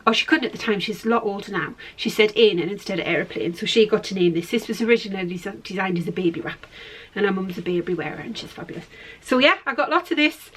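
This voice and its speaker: A middle-aged woman with a slightly high voice hosts a knitting podcast. She chats in a rambling, self-deprecating way, holding pieces up to the camera as she goes. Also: a bit bright. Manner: shows knitting to the camera while talking. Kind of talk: casual chat.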